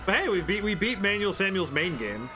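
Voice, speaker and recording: A man's voice: high voice, big pitch swings, brisk, pushed and bright, faint music behind. Chatty male game streamer. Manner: rambling, self-correcting, chatty asides to chat. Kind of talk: casual live-stream commentary.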